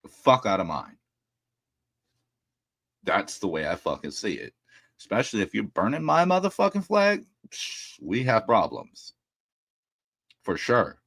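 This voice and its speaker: Brief: low-voiced man streaming from home, blunt and foul-mouthed, pitch swinging wide, dry close sound. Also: very animated, measured pace, pauses often, a bit bright, breathy edge, no room sound. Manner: blunt, profane, ranting. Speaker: livestream host. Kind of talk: casual livestream talk.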